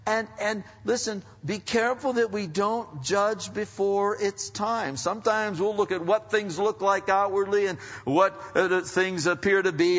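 A middle-aged man preaching a conversational sermon as pastor, swinging between loud emphasis and hushed asides. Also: high voice, gravelly, breathy edge. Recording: dull sound with long hall reverb.

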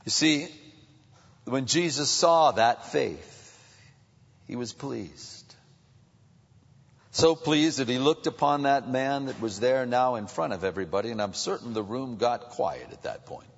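A man preaching a sermon, dropping to a hush and then rising again. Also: medium pitch, expressive, moderate pace. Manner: dynamic, swings between hushed and raised. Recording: muffled reverberant hall.

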